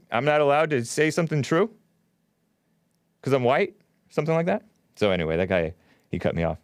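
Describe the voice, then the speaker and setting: A man's voice: mid-range voice, clean tone, dry recording, studio quality. A man hosting a talk show, delivering a rambling, opinionated monologue with frequent restarts. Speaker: host.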